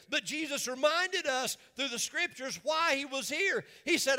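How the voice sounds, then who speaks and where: A man's voice: very high-pitched, lively intonation, a little slow, few pauses, bright, forceful tone. A man preaching a sermon in a church, with an emphatic, repetitive cadence. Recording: long reverb of a large hall.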